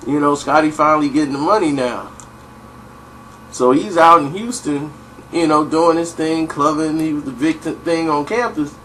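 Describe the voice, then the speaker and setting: A man's voice: a little high, normal speed, fairly bright tone, slight background noise, low-quality recording. A man casually telling a story in a slangy style, full of "you know" and "like". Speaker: vlogger.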